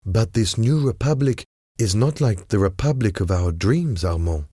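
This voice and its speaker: A man's voice: fairly low pitch, lively intonation, breathy edge, dry recording, studio quality. A man putting on a tearful pleading young woman. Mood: pleading sadly. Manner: soft, pleading, drawn-out. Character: sorrowful young woman pleading with her brother.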